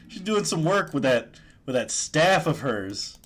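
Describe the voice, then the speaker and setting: A man's voice: on the high side, a bit bright. A man streaming a card game, giving casual, joking commentary and chuckling often.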